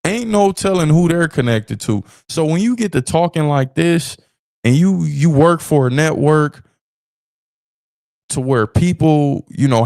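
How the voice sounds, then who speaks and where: Animated man riffing on a podcast. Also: fairly high pitch, no room sound, studio quality. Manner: animated, repeats phrases for emphasis, laughs between points. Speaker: podcast host. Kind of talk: opinionated commentary.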